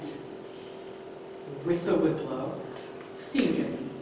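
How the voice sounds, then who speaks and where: A woman in her fifties performing a true story live, dropping to near-hushed tones and then rising to emphatic peaks. Her voice rolls through a big, reverberant hall, picked up from far away, with faint room noise behind. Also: low-pitched. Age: 50s. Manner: animated, swings from hushed to emphatic. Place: stage in a large hall. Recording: echoey hall, far-off mic.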